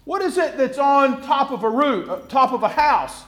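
A man voicing an eager male dog owner pitching his talking dog in a joke told during a sermon. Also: animated, normal speed, fairly bright tone. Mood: eager pleading.

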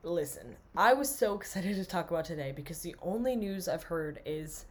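A chatty young woman talks sports with a friend in a casual, enthusiastic way. Her voice sits a little low for a woman, and she laughs easily between points. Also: lively intonation, normal speed, hardly any pauses. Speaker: podcast co-host.

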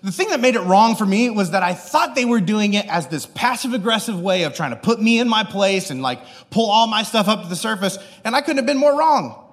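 A man preaching a sermon through an animated, self-deprecating personal story, acting out the people in it. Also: sits high, a little fast, big-room sound.

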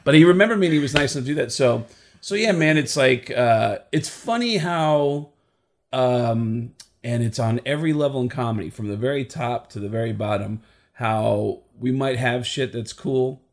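A man, a comedian and impressionist, telling a story in a casual, animated way. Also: mid-range voice, normal speed. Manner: animated, acts out the voices of people in his stories.

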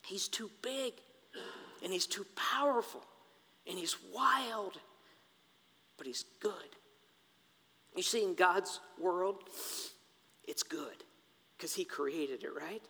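A man preaching a sermon as pastor, dramatic, swinging from stressed words to hushed near-whispers and asking rhetorical questions. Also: high voice, takes it slowly, pauses often. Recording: long hall reverb, faint music behind.

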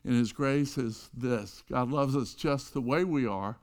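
A middle-aged pastor delivers a sermon, telling a story at an unhurried pace in a medium-pitched voice. He swings between loud emphasis and hushed, quiet lines.

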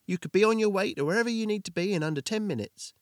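A keen, chatty village blacksmith, put on by a male storyteller, pitched up and bright in a storybook reading. He talks eagerly and a little flustered, and the voice sounds dry and close. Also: racing, dry recording, lightly acted. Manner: eager, talkative, a bit flustered.

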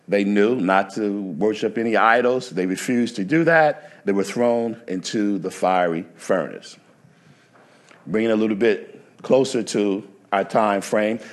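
A male pastor preaching a sermon, telling stories and building to emphatic preaching. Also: on the low side. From New Jersey. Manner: storytelling, shifts to rising preaching emphasis. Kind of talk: sermon with anecdotes.

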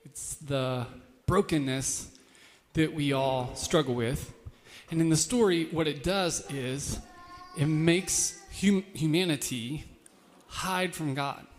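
A man gives a relaxed, conversational sermon, full of fillers and restarts and a self-deprecating humor. His voice sits somewhat high for a man. The sound carries a long hall reverb. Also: slow pace. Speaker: pastor.

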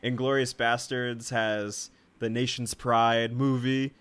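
A man's voice: mid-range voice, little pitch movement, takes it slowly, a bit bright, clean tone. Laughing, rambling male podcast host. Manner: laughs often, loose and rambling with many likes. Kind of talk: casual film podcast chat.

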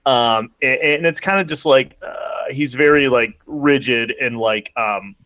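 A man's voice: mid-range voice, measured pace, pushed and bright. A man hosting a casual podcast chat who recaps a movie in a rambling way, full of fillers. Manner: rambling, filler-heavy summarizing. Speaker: podcast host.

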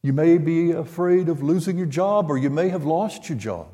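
An older man preaching a sermon, retelling a scripture story in an unhurried way and voicing the quoted lines. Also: on the high side, animated, warm tone. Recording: long hall reverb.

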